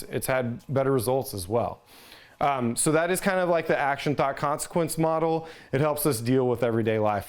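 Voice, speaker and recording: A man giving an instructional talk on resiliency, conversational and plain-spoken, checking in with listeners as he explains. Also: medium pitch. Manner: conversational, ends points with "right?". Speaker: resiliency trainer.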